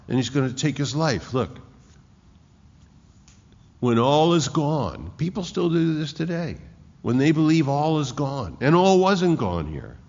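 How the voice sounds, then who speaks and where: A man preaching a sermon, reading scripture aloud and explaining it with slow emphasis and frequent restarts. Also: mid-range voice, vocal fry. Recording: echoey hall, dull lo-fi sound.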